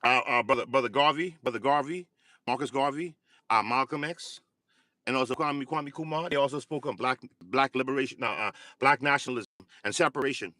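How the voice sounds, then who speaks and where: Man, livestream host, casual chat, halting with fillers, bright tone, dry close sound. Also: medium pitch, dry recording. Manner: halting, many repeated words and fillers.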